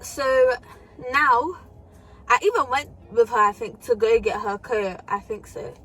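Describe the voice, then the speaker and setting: Chatty young woman, higher voice. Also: unhurried, fairly bright tone, faint music behind. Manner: casual slangy chat, frequent swearing and fillers. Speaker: vlogger. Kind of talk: storytime vlog.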